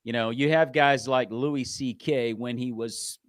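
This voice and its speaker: A man's voice: medium pitch, steady tone, measured pace. A man hosting an interview, asking questions and chiming in with short agreements. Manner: brief affirmations, eager questions. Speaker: host. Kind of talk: casual interview.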